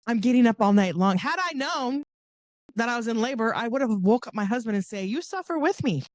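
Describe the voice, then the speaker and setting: A woman's voice: a little fast, dry recording. Chatty woman telling a story. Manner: animated, acts out quoted voices with big pitch jumps. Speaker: podcast guest. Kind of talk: casual storytelling.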